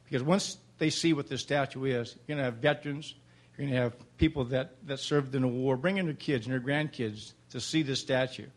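A man's voice: medium pitch, fairly quick. An older man in his seventies, a Vietnam veteran, giving an emotional, plainspoken public comment at a city council meeting.

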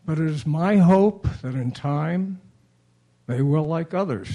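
A man's voice: a little high, slow pace, warm tone. A man giving a formal, earnest public comment at a city council meeting. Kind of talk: prepared public comment speech.

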